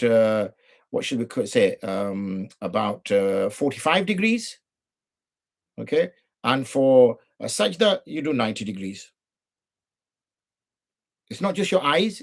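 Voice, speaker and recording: Very animated yet measured in pace, a middle-aged jurist with a mid-range voice and vocal fry explains the rules of prayer on a live show, pausing often. He leans on rhetorical questions and impersonates the people he sets straight.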